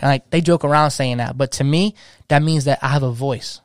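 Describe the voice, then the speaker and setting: Fast-talking slangy DJ guy. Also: a little high, steady tone, darkish tone, clear, resonant tone, no room sound, studio quality. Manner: slangy, passionate, frequent restarts and "bro". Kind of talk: casual podcast chat.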